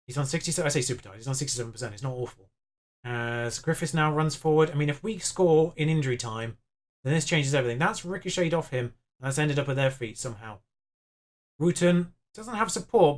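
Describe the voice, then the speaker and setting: A young man commentating on his own football management game, excitable and self-mocking, pleading with the players on screen. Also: fairly high pitch. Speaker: gaming YouTuber.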